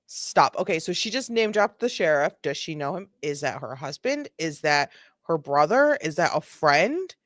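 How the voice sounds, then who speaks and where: A woman's voice: sits low, big pitch swings, normal speed, fairly bright tone, no room sound. Chatty sarcastic woman, dry close voice. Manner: chatty, sarcastic, many "like" fillers. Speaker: reaction video host. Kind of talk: casual commentary over bodycam footage.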